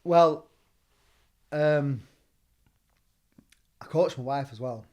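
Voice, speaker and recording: A middle-aged man with a Northern English accent, telling stories in a relaxed chat as a gym owner and trainer, acting out the lines he quotes. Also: fairly high pitch, extremely slow, dull audio. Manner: animated, acts out quoted dialogue. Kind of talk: casual storytelling.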